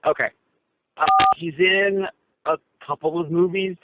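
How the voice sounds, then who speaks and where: Man, co-host, casual chat, rambling with fillers, slightly high voice, tinny phone line, parked car. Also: fairly even intonation, measured pace, heavy background noise. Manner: rambling, with many fillers and restarts.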